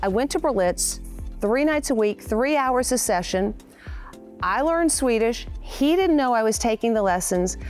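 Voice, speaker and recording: A woman's voice: fairly high pitch, a little slow, soft background music. A woman in her sixties, a guest in a TV interview, telling personal stories candidly and acting out the dialogue. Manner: candid and animated, acts out quoted dialogue. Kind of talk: conversational storytelling.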